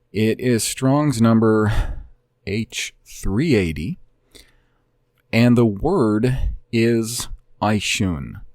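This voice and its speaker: A man hosting his own channel, deliberately and earnestly explaining a document, step by step. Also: on the low side, darkish tone, dry recording, clean studio sound. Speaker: host of a Bible language channel. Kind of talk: explanatory talk walking through a document.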